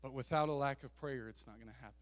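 A man preaching a Pentecostal sermon, moving from quiet storytelling to shouted exhortation. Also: medium pitch, rapid-fire. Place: church sanctuary. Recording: long church hall reverb.

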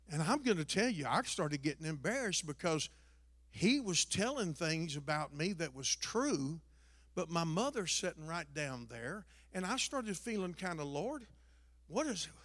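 A man gives his testimony as a sermon in a church. His voice sits high for a man, and the recording is dry and close. He moves from hushed, confiding storytelling to loud, impassioned calls to the congregation. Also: no room sound, big-room sound. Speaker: preacher.

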